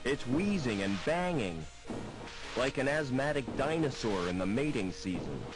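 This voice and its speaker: A man's voice: mid-range voice, big pitch swings, a little slow. An actor voicing a wry, determined male hero in an adventure game, with understated remarks. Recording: game audio with music behind.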